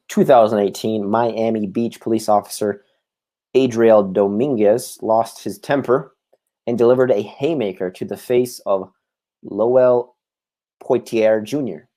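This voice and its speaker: Podcast guy reading news stories w/ ums and uhs, lowish mellow voice, own mic. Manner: reads news text with filler words. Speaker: podcast host. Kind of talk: news commentary. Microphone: own desk microphone.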